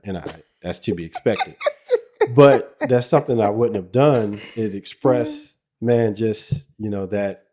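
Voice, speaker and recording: A man's voice: lowish voice, warm tone. A middle-aged man co-hosting a podcast, talking candidly and rambling a little, with self-deprecating humor. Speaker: podcast co-host. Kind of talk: casual chat.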